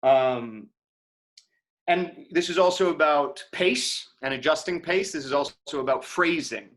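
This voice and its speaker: A man's voice: a little high, measured pace, fairly bright tone. An American man lecturing on acting over a video call, talking casually with frequent fillers and restarts. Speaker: acting teacher. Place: home room on a video call. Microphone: video call microphone.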